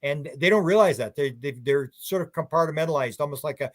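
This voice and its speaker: Man, somewhat high voice, casual radio chat, rambling stories, frequent restarts. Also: a little fast. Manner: rambling, anecdotal, many restarts. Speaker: UFO researcher guest.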